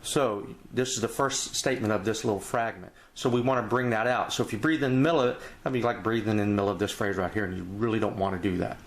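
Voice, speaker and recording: A man teaching a jazz etude in a relaxed, rambling way, walking through the music and scatting phrases aloud. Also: lowish voice, fast talker, few pauses. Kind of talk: casual instructional walkthrough.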